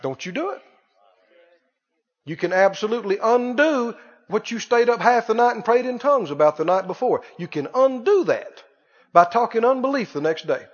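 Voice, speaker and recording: A man's voice: extremely high pitch, lively intonation, moderate pace. A man preaching a sermon, emphatic and repetitive, calling on the congregation to respond. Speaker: pastor. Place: church hall. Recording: muffled, reverberant church recording.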